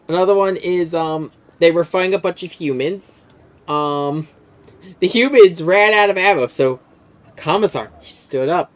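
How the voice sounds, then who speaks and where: A game streamer casually explaining game lore, enthusiastic and rambling, with lots of fillers and swearing. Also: mid-range voice.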